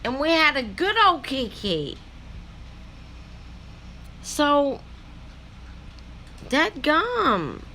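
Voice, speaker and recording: Woman host, slow rambling reaction commentary, bright tone. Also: high-pitched, very animated, a little hiss or hum. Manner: rambling, with many fillers.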